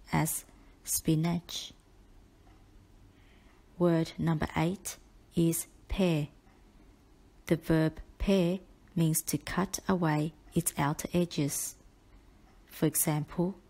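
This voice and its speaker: Slow, low-voiced woman teaching spelling. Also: creaky, warm tone. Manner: measured, deliberate, carefully enunciated. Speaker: spelling tutor. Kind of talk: slow spelling-list dictation.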